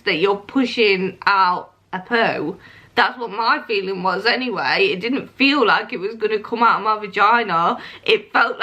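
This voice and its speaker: A woman's voice: medium pitch, pushed and bright. A young woman, chatting casually as she tells a story to camera, laughing often and acting out what others said. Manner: chatty, laughs often, acts out quoted lines. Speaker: vlogger.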